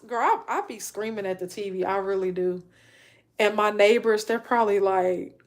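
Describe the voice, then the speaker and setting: A woman hosting a casual livestream, chatting with viewers and telling animated stories. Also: mid-range voice, brisk. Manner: animated storytelling, acts out quoted voices, laughs often. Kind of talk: casual live chat, reading viewer comments.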